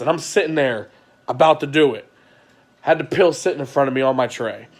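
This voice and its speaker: A man speaking in an emotional confessional monologue, retelling events in an agitated way with sharp swings from loud to quiet, frequent restarts and blunt swearing. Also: mid-range voice, a little fast. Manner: agitated storytelling, voice rising and falling sharply. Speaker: vlogger.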